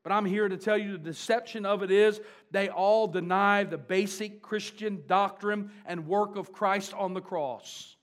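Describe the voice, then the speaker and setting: A man preaching a sermon, swinging from fervent, shouted declarations to quiet asides. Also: sits high, steady tone, a little slow, few pauses.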